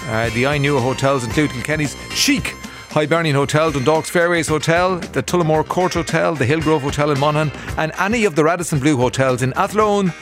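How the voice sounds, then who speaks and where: An Irish man hosting a radio show in casual chat, enthusiastic and chatty, often pausing on "um" and restarting his sentences. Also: on the high side, music in the background. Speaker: radio host. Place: radio studio. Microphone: studio microphone.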